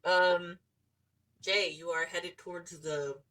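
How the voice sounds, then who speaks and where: A woman running a tabletop game as game master, laid-back and giggly, with fillers and halting pauses. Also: fairly low pitch, fairly even intonation, a bit bright, recorded from a distance, a little hiss or hum, low-quality recording.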